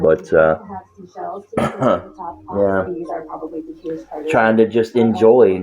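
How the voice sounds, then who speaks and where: A man with a very low, dark voice rambles in a casual, profane monologue, speaking bluntly, swearing constantly, and breaking into laughter. The audio is dull and lo-fi, like a cheap mic.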